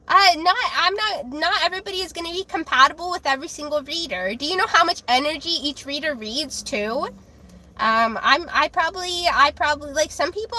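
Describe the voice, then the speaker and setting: High bright-voiced woman tarot streamer. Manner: chatty, many fillers and restarts; blunt and defensive. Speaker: tarot reader hosting a live stream. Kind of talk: casual live-stream chat.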